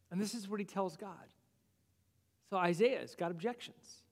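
Pastor, male, high voice, lively sermon with acted-out asides, big reverberant church room. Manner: animated, acts out biblical figures' objections in quick asides. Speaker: lead pastor. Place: church sanctuary.

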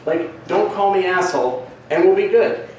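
High-voiced comedian on an echoey stage. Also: male voice, animated, normal speed, a little mellow, slight background noise. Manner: rambling, crude, self-mocking. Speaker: stand-up comedian. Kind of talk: stand-up comedy set. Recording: echoey live club recording from a distance.

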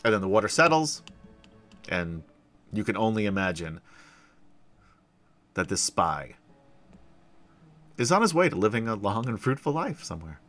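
A man's voice: on the low side, sing-song, moderate pace, long pauses, a bit bright, faint music behind. A man running a tabletop role-playing game over voice chat, narrating loosely and laughing often. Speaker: game master.

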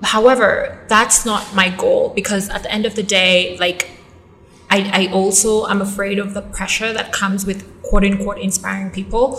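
A woman's voice: mid-range voice, flat delivery, moderate pace, a bit bright, low-quality recording. A young woman from Uganda, an actress and model, talking candidly and thoughtfully as an interview guest. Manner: thoughtful, candid, many fillers. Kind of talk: reflective interview talk.

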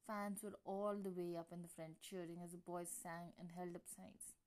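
A woman's voice: on the low side, level tone, moderate pace, darkish tone. A woman reading fan fiction aloud in the first person, casual, with small slips and restarts. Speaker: reader.

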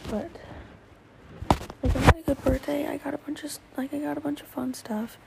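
A woman's voice: sits high, steady tone, a little fast, creaky, very noisy. A teenage girl hosting a solo podcast, rambling with lots of fillers and often dropping to a whisper, a little tearful. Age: teens. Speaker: podcast host.

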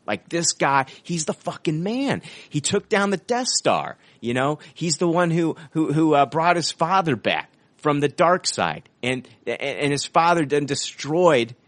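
A man co-hosting a podcast, talking excitedly about a film trailer and swearing casually. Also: fairly high pitch, measured pace, hardly any pauses, no room sound. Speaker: podcast co-host.

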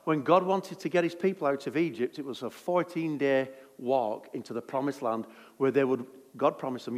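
Jokey preacher. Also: male voice, medium pitch, moderate pace, hardly any pauses, big-room sound. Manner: jokey, conversational, lively. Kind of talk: sermon.

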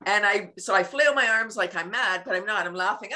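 In a casual interview, a woman guest talks about laughter yoga, acting out everyday scenes and laughing often. Her mid-range voice is brisk with a sharp tone.

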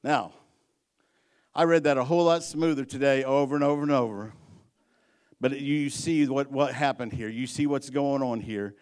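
A man's voice: medium pitch, moderate pace, clean tone. A male pastor giving a midweek sermon in a church, chatting folksily between readings and rising to fervent preaching. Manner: rises to fervent, loud preaching when reading and praying. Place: church sanctuary.

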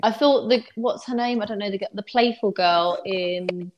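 A woman's voice: medium pitch, normal speed, lo-fi sound, a little hiss or hum. A woman co-hosting a podcast in casual chat, frank and rambling with ums. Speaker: podcast co-host and stylist.

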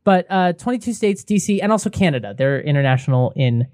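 A man's voice: on the high side, animated, brisk, darkish tone, no room sound, studio quality. A young man co-hosting a casual beer podcast, chatty and laughing often. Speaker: podcast co-host. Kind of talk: casual beer review chat.

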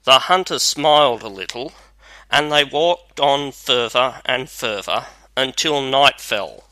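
A man narrating a fairy tale in a measured, even reading. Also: mid-range voice, no room sound. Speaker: storyteller.

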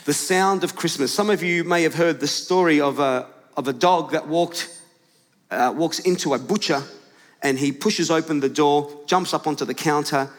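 Male pastor, slightly higher voice, casual, chatty sermon, long church hall reverb. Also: normal speed. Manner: conversational, with fillers and restarts. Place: large church auditorium.

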